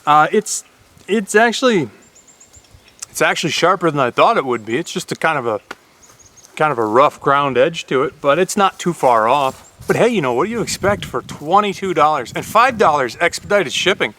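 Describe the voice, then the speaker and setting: Chatty plain-spoken guy doing a vlog, kinda high voice, bright punchy tone. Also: lively intonation, moderate pace. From Upper Michigan. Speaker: YouTube host reviewing an axe. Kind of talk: casual vlog talk.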